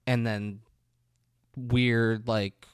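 Animated man recapping a movie. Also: medium pitch, drawn-out words, clean tone, no echo, clean studio sound. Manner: animated storytelling, swearing, jumps into voices.

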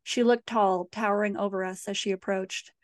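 Woman reading a horror story, steady and dry. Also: medium pitch, moderate pace, no echo. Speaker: author.

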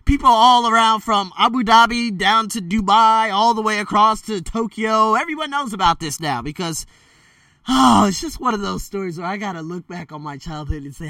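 This vlogger has a high-pitched voice and tells a meandering childhood tale, full of filler words and moments where he corrects himself. His energetic delivery jumps into other people's voices, captured dry and at a distance from the microphone.

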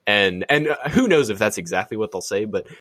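A man with a very deep voice explains an idea step by step with examples. His voice is recorded dry and close, with no room sound. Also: expressive, fairly quick, fairly bright tone, no echo. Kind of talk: casual conversation.

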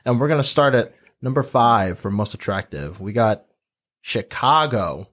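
A man's voice: medium pitch, moderate pace. A man from the Boston area hosting a casual panel chat, telling stories and acting out quotes. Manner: animated storyteller, acts out quotes. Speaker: podcast host.

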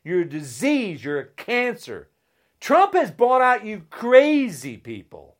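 A man delivering a heated, insulting rant straight to camera, swinging between shouting and a low, menacing growl. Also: huge pitch swings, takes it slowly. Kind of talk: angry political rant to camera.

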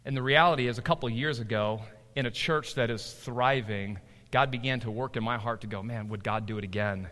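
A middle-aged man preaching a sermon, animated, swinging between loud emphasis and quiet asides. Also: mid-range voice, a little fast, big-room sound. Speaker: pastor.

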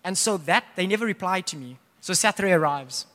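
Man, young, preaching, high bright voice, long hall echo. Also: brisk. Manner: animated, casual storytelling with laughs. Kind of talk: sermon with personal storytelling.

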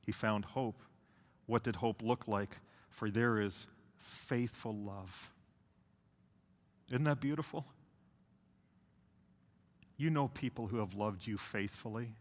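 Preaching man in a reverberant hall. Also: fairly low pitch. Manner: preaching, intense then hushed, drawn-out phrases. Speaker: pastor. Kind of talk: sermon.

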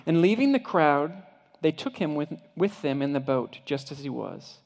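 A male pastor giving a sermon, vividly retelling a story in the second person and often dropping to a hushed voice. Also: fairly high pitch, big pitch swings, moderate pace, gravelly. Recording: long hall reverb.

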